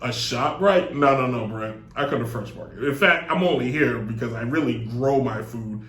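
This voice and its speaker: A man putting on a smug, self-assured aging star quarterback, talking low and boastful. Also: normal speed, a bit bright, lightly acted. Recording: echoey room.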